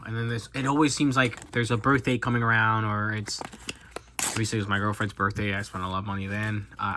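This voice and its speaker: A man's voice: medium pitch, bright, forceful tone, slight background noise. A young man in his twenties chatting casually on his channel, rambling and self-deprecating with lots of fillers and restarts. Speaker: YouTuber. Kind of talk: casual chat while opening cards.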